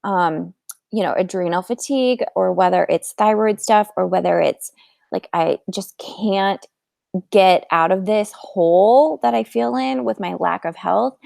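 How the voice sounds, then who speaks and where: A woman's voice: medium pitch, measured pace, gravelly, a little mellow, no echo, clean studio sound. A woman coach telling her own story to viewers in a candid, chatty way, with many "like"s. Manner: candid, chatty, heavy use of "like". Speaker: fertility coach. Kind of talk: casual personal storytelling to viewers.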